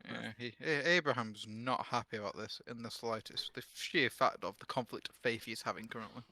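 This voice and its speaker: Hesitant bright-voiced male player. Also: medium pitch, brisk, no room sound. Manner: hesitant, stumbling, many fillers. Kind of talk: describing his character in a tabletop game.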